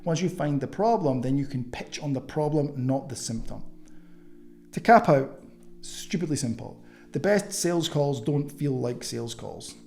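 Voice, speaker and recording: A man's voice: fairly high pitch, lively intonation, normal speed, vocal fry, darkish tone, slight background noise. A man teaching an online coaching course in a blunt, casual way, swearing freely.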